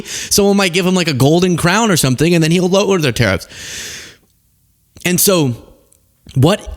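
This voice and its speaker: Young guy ranting about politics, kinda high voice, super expressive, sarcastic, laughs a lot. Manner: animated, sarcastic, laughs at own jokes. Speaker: political commentary host. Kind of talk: casual political commentary.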